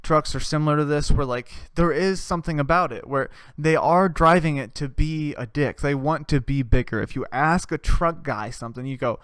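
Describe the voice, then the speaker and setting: A man's voice: a little high, normal speed, few pauses, a bit bright, smooth, no room sound, studio quality. A man hosting a comedy podcast, delivering a rambling, profane, worked-up rant. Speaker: podcast host.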